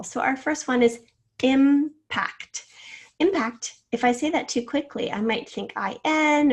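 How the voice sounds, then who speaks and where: A woman teaching a recorded spelling lesson to fifth graders, sounding words out syllable by syllable and spelling them letter by letter. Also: on the high side. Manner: slow, clear syllable-by-syllable spelling out.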